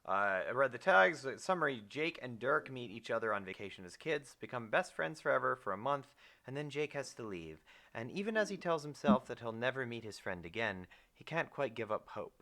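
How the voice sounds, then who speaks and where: Guy hosting a live stream reading, upbeat, bouncy pitch, bright tone. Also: big pitch swings, brisk, few pauses. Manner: upbeat, reads a summary then hands off. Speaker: host.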